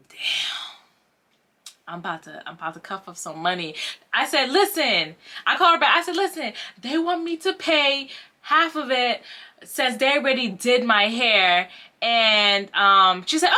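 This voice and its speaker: A young woman telling a casual storytime vlog, animated and acting out the voices of the people she quotes. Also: on the high side, moderate pace. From Haitian family. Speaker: vlogger.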